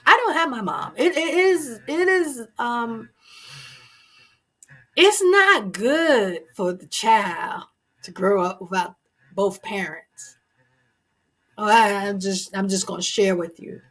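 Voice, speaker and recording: A woman hosting a motivational talk, speaking earnestly and emphatically to her viewers, with sudden loud, emotional bursts. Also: medium pitch, animated, takes it slowly, long pauses. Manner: preachy and earnest, talks straight to the viewer. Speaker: host.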